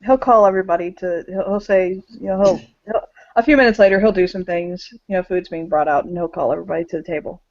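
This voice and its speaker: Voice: medium pitch, quick pace, no echo. Hesitant tabletop game master. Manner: hesitant, many fillers. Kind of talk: narrating a tabletop role-play. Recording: dull, dry lo-fi audio.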